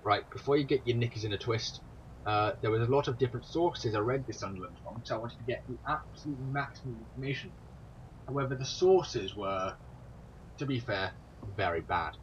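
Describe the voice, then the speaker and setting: A man's voice: mid-range voice, fairly quick, slight background noise. A tired young man giving a rambling, sweary commentary on wartime history, with exasperated asides. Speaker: video creator. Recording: dull lo-fi home recording, faint ambience.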